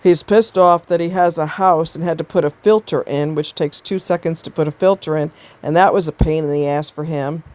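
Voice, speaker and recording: A woman's voice: low-pitched, fairly even intonation, fairly quick, few pauses, a little mellow. Exasperated woman ranting, blunt and profane. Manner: blunt, exasperated, swears freely. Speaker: commentator reacting to a video. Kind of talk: ranting commentary.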